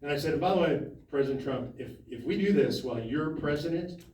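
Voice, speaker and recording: A man at a town hall, telling an animated story full of quoted dialogue and laughter. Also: on the high side, fast, a little hiss or hum. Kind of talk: storytelling to an audience. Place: town hall meeting room. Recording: echoey hall from a distance.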